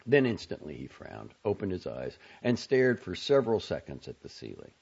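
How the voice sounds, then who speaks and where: Male narrator, low gravelly voice, husky, measured delivery, lo-fi recording. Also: sing-song, darkish tone. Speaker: audiobook narrator. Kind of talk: scripted narration. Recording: dull lo-fi audio.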